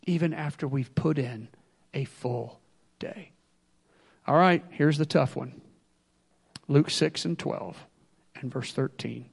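A middle-aged male preacher with a high voice delivers a sermon. He is animated and humorous, dropping to soft asides and then climbing back up to loud, emphatic points. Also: unhurried, creaky, slightly rough.

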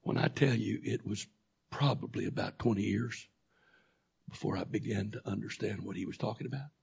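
A man preaching a sermon, telling a personal story that swings from quiet, low talk to loud, shouting intensity. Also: normal speed, creaky, husky, dull audio.

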